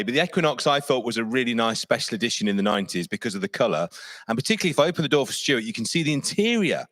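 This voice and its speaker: Male car specialist, upbeat walk-around patter, animated pitch, dry close sound. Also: no echo. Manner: chatty and enthusiastic. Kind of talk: enthusiastic walk-around presentation.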